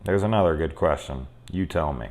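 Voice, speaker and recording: Deep-voiced, profane man reviewing horror films. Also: fairly quick. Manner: candid and profane, swinging from quiet musing to loud exasperated outbursts. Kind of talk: casual spoken film review.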